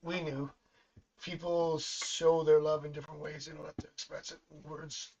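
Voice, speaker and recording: A man's voice: a little high, flat delivery, normal speed, darkish tone, lo-fi sound. Chatty middle-aged man reading tarot. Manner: chatty and rambling, laughs often, tells family stories. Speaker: psychic tarot reader. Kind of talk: live-stream tarot reading, casual chat.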